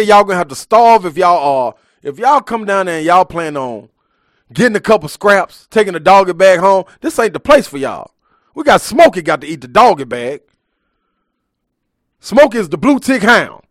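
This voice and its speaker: A man's voice: high voice, sing-song, normal speed, dry recording, studio quality. A man hosting a live sports talk show, ranting emphatically in heavy slang.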